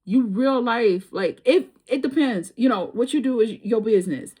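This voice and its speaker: A woman's voice: fairly high pitch, moderate pace, mellow, husky. A woman doing a tarot reading, telling a personal story in casual, slangy speech and laughing often. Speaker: tarot reader.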